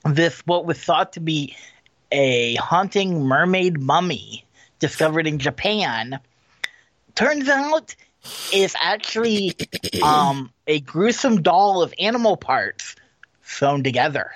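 A man co-hosting a podcast, answering briefly and then reading out a news item in a slow, hesitant way. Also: a little high, sing-song, a bit bright, dry recording. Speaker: podcast co-host. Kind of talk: casual chat. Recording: dull lo-fi sound.

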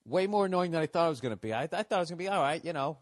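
A man's voice: on the high side, expressive, rapid-fire, no echo, clean studio sound. A middle-aged man hosting a podcast, telling a rambling, profane comedic rant. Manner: profane, ranting. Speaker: podcast host.

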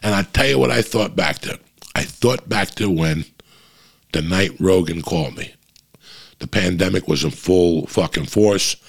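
A middle-aged man telling a rambling, profane story in a casual monologue, with a gravelly voice. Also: low-pitched, a little slow. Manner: profane, rambling, frequent restarts.

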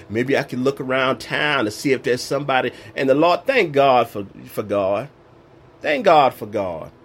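A man's voice: mid-range voice, slight background noise. A man giving an emotional personal faith testimony, questioning and acting out bits of dialogue, his voice a little strained. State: voice strained, recently lost.

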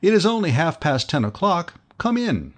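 A man reading the part of a suave, cunning nobleman in an audiobook, courteous and quietly probing. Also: on the high side, big pitch swings, normal speed, voice pushed up.

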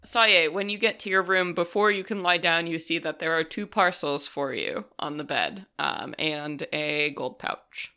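Bright, lower-voiced woman game master. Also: lively intonation, a little slow, hardly any pauses, clean tone. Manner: easygoing, prompting players. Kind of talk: casual chat, running a tabletop game.

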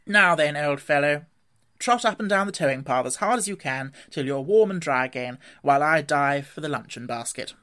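A man's voice: fairly high pitch, expressive, normal speed, bright, forceful tone. A man voicing a cheerful, capable male water rat in a storybook reading, hearty and kindly.

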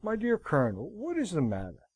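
A man voicing an earnest, hot-tempered young gentleman in an audiobook, protesting indignantly. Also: sits high, wildly swooping pitch, fairly quick, breathy edge, no echo, voice pushed up, exaggerated voice, poor audio.

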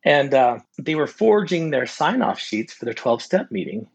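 A man speaking as a podcast guest and recovery coach, telling a story in a casual, lively way and acting out other people's lines. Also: medium pitch, moderate pace, vocal fry, slightly rough. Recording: dull, lo-fi sound.

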